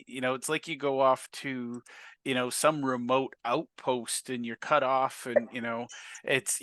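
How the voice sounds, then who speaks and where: A man's voice: medium pitch, fairly bright tone, dry recording. A man hosting a podcast interview, reflecting loosely on his guest's story and affirming it. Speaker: podcast host. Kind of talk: casual interview chat.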